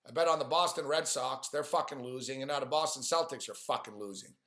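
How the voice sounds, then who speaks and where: A man with a medium-pitched, somewhat bright voice talks fast, ranting on a live stream about sports games and his bets. He swears often and sounds frustrated, and the room is echoey.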